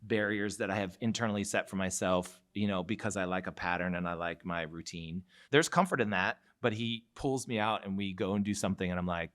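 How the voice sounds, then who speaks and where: A man's voice: sits low, brisk, hardly any pauses, fairly bright tone. A man from Seattle co-hosting a live podcast, telling personal stories in a self-mocking way and laughing easily. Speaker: co-host.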